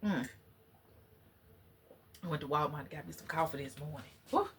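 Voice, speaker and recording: A woman's voice: sits low, moderate pace, fairly bright tone, slight background noise. A woman vlogger in casual, preachy chat with her viewers. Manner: chatty, preachy, talks to viewers as y'all. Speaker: channel host.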